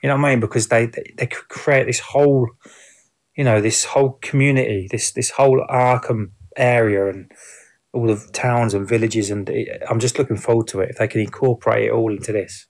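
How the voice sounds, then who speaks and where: In an offhand, unscripted film review, a man rambles, starts his sentences over and relies on fillers. He speaks fairly quickly in a typical mid-pitched male voice with fairly even intonation.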